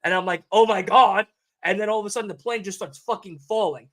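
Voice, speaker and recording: A young man co-hosting a livestream, telling a story in animated casual chat and swearing often. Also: sits high, quick pace. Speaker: livestream co-host.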